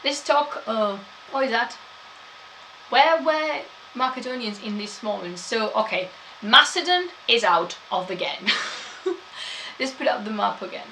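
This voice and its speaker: A woman's voice: on the high side, animated, unhurried, pushed and bright, slight background noise, poor audio. A woman gives a chatty live-streamed history talk, laughing often and answering chat.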